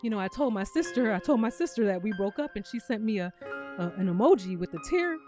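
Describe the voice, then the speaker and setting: A woman's voice: high-pitched, steady tone, a little mellow, soft background music, lightly acted. A woman voicing a sulky, self-pitying grown man who mumbles and trails off. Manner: mumbling, halting, sorry for himself.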